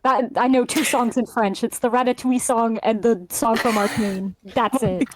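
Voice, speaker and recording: A woman at a tabletop game talks in a fairly high voice. She rambles and hesitates while she works out what her character does. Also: steady tone, moderate pace, a little hiss or hum. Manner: rambling, hesitant, lots of fillers. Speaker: player. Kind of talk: casual chat at a game table.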